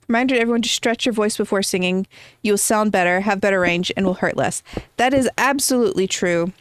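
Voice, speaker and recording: A woman's voice: mid-range voice, quick pace, a little hiss or hum. A woman streaming a game from home, chatting casually and rambling as she answers her chat.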